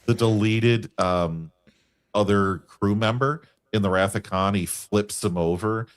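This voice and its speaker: A man's voice: on the low side, measured pace, clean tone, no echo. A man co-hosting a casual review chat, earnest and enthusiastic, often stopping and restarting his sentences. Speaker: co-host. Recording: dry close-mic sound.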